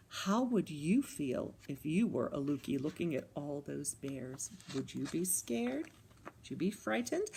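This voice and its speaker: A woman's voice: medium pitch, a little slow, husky. A woman running a children's storytime in a library, reading aloud and asking the children questions. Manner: animated, coaxing, asks the kids questions. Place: library room.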